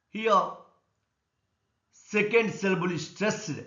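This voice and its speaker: Slow-speaking male English teacher, echoey. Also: high-pitched, a bit bright. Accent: Indian English. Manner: slow, deliberate explanation, repeating words and stress rules. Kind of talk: classroom lesson on word stress. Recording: echoey room, dull lo-fi sound.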